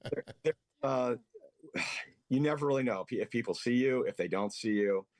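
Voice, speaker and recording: A man as a guest angler, explaining in a relaxed, hesitant way with fillers. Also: mid-range voice, normal speed, no room sound. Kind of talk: casual interview chat.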